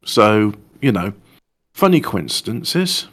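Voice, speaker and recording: A man's voice: on the low side, sing-song, slow, fairly bright tone. A man, co-hosting a casual chat show and telling long rambling anecdotes. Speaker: co-host.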